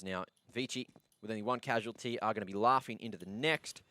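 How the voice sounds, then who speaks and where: A man calling fast play-by-play on an esports shooter match. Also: fairly low pitch, dry recording. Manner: excitable play-by-play. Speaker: esports caster. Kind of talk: play-by-play commentary.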